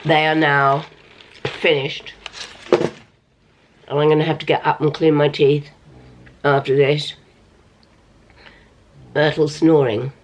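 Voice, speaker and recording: A middle-aged woman in a casual cooking vlog, chatty and self-deprecating, talking enthusiastically about her food at home. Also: low-pitched. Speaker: vlogger. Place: home kitchen. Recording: roomy, distant camera sound with faint background hum.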